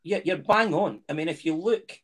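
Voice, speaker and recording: A Scottish guest on a football chat show, with a voice pitched a little higher than most men's. He lays out his points earnestly in a relaxed, conversational way. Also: moderate pace. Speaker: podcast guest.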